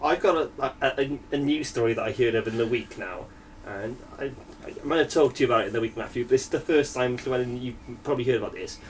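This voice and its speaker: A man's voice: medium pitch, fast talker, distant mic, noisy background. A young man in casual podcast banter, chatty, laughing often, at times reading a news story aloud. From Wales. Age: young adult. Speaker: podcast co-host.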